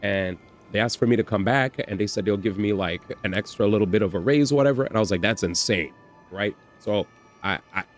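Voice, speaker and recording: A man hosting a livestream, telling a story in an animated, slangy way with swearing and repetition. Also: fairly low pitch, fast, faint music behind. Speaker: livestream host. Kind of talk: casual storytelling on stream.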